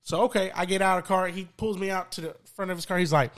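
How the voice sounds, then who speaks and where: A man's voice: high-pitched, steady tone, quick pace, few pauses. A man telling a profane story in casual chat on a podcast.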